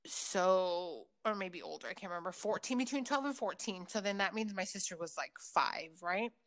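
A woman telling personal stories in a loose, casual chat, swearing freely and filling pauses with ums and likes. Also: medium pitch, animated, fairly bright tone. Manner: filler-heavy, with frequent ums and likes.

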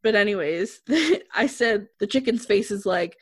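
A female podcast co-host recaps a drama in a chatty, casual way, laughing a lot and quoting characters in flat asides. Her mid-range voice is breathy and a little slow, recorded dry and close with no echo.

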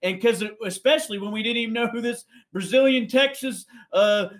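Man, high voice, excited, restarts a lot, casual chat. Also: fairly quick. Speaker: wrestling podcast co-host.

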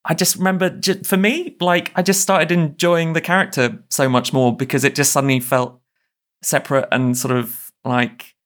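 A man's voice: a little high, little pitch movement, moderate pace, a bit bright. A man talking casually as a guest on a group podcast, rambling and filling his speech with "like". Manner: rambling, fills with "like". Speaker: podcast guest, tabletop player.

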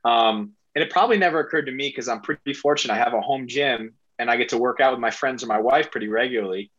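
A middle-aged man speaking as a podcast guest, rambling and excitable, with a self-deprecating manner. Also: mid-range voice, quick pace, dry recording, highs cut off. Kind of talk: casual interview talk.

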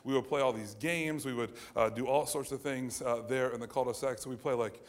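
A man in his thirties from the United States, telling a personal childhood story to an audience in an animated way with many fillers and restarts. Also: medium pitch, brisk. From United States (Ohio). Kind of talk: personal anecdote told to an audience.

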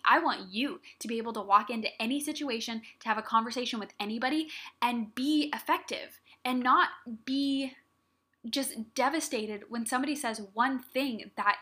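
Bright-voiced young woman podcast host. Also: on the high side. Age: young adult. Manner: earnest, encouraging, direct address to listeners. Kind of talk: solo motivational talk.

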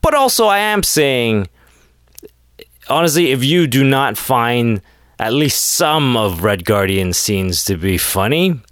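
A man's voice: medium pitch, sing-song, takes it slowly, a bit bright, smooth, dry recording, clean studio sound. A man hosting a podcast alone, late at night, rambling sarcastically with lots of filler words. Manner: rambling and sarcastic, heavy use of "like". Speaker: podcast host. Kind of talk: casual solo rant.

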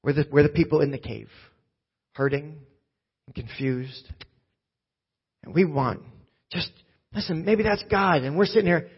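Husky-voiced man preaching a sermon. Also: on the high side, measured pace, pauses often, dull audio. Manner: swings from hushed to loud and urgent. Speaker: pastor.

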